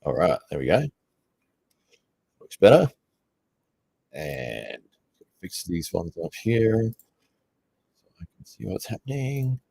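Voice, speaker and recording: A man casually commentating on a live stream from his computer, chatty and quick to laugh as he rambles between tasks. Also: deep voice, big pitch swings, gravelly, warm tone, breathy edge, no echo, clean studio sound.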